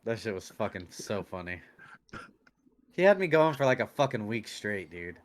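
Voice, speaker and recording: A man's voice: lowish voice, very animated, normal speed. A man co-hosting a casual podcast, telling a story in a loose, rambling way, swearing freely and filling with "like" and "you know". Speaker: podcast co-host.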